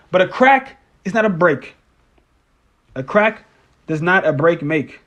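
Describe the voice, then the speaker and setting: A man's voice: high-pitched, animated, slow, pauses often, fairly bright tone. A man hosting a casual post-game sports live stream, rambling and cursing, often stammering and restarting words.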